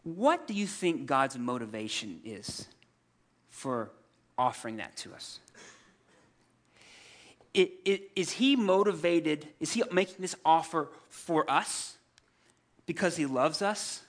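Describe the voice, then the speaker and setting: A man in his thirties preaching a sermon, telling scripture stories in a lively, humorous way and acting out the characters. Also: a little high, takes it slowly, pauses often. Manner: animated storytelling, acts out scripture characters with humor. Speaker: pastor.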